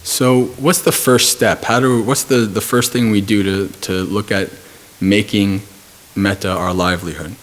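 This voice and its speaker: A man with a fairly low voice, speaking as a Buddhist monk at a retreat. He gives his dharma talk calmly and at a measured pace. He often pauses and fills the gaps with soft hesitations while he tells a story. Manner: calm, measured storytelling with frequent pauses and fillers.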